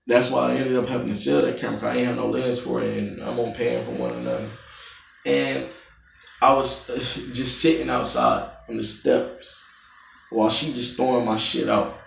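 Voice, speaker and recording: A young man vlogging, telling a long, profane story in an animated, casual way. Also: mid-range voice, moderate pace, gravelly, slight background noise. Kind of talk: storytime vlog. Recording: roomy, distant mic.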